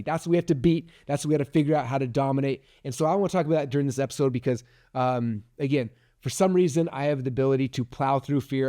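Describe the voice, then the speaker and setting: This is a medium-pitched man in his forties hosting a podcast, delivering a motivational talk that's lively and conversational. The word "like" crops up constantly as filler.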